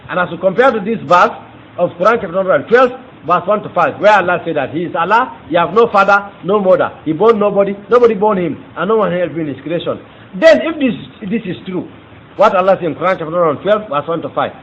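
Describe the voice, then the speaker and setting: A man delivers a rapid, fervent testimony, his voice pitched high and climbing as he presses his point. The recording is dull and lo-fi, with faint ambient noise underneath. His delivery is emphatic and preacherly throughout. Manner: fervent, emphatic, rises in pitch when excited. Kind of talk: testimony sermon.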